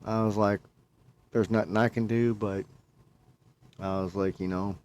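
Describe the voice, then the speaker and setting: A man's voice: lowish voice, fairly even intonation, unhurried, a little mellow. A man talking casually, telling a long personal story and often quoting himself. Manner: rambling, repeats himself, quotes himself. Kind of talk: casual chat.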